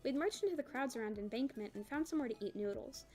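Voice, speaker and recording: Fast, expressive woman reading a novel. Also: sits high, faint music behind. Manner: expressive first-person reading. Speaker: book club reader.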